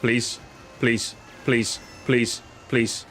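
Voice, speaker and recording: A man's voice: mid-range voice, little pitch movement, very slow, fairly bright tone, soft background music. A man giving casual, jokey gameplay commentary, swearing and pleading with the game as he races. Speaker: gaming YouTuber.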